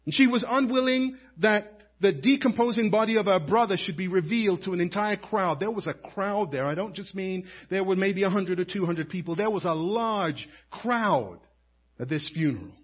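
A man's voice: high-pitched, moderate pace, breathy edge, highs cut off. A man preaching a sermon as pastor, building emphasis and calling to the congregation for an amen.

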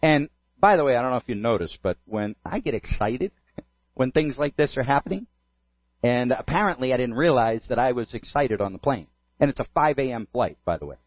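Animated storytelling pastor, lively pitch. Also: male voice, a little fast, dry recording, dull audio. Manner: animated storyteller acting out both sides of a conversation. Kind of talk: sermon storytelling.

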